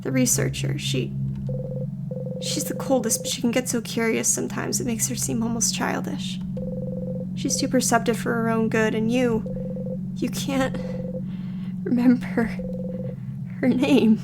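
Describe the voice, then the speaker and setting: A woman streamer narrating a game playthrough aloud in an expressive way, shifting between hushed and loud. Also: on the high side, unhurried, long pauses, heavy background noise.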